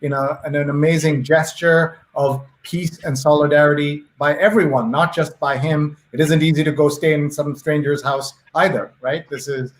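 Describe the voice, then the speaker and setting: A man hosting a live video call show, calmly introducing a guest. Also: fairly high pitch, normal speed, hardly any pauses, low-quality recording. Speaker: host.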